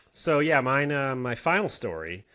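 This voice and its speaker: A man's voice: mid-range voice, wildly swooping pitch, a little slow, a bit bright. A young man in his twenties co-hosting a podcast, laid-back and profane, with lots of fillers. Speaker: podcast co-host. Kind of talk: casual podcast chat.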